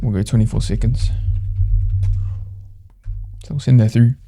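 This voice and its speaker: A man hosting a casual software tutorial, talking loosely and thinking aloud as he clicks through a demo. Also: mid-range voice, steady tone, unhurried, slightly rough, soft background music. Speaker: tutorial host. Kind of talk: casual screen-recorded software walkthrough.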